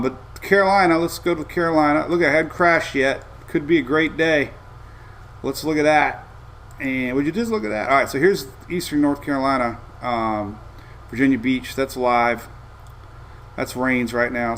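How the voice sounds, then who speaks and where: A middle-aged man hosting a casual live weather show, rambling and easygoing with excitable asides. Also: medium pitch, a little hiss or hum.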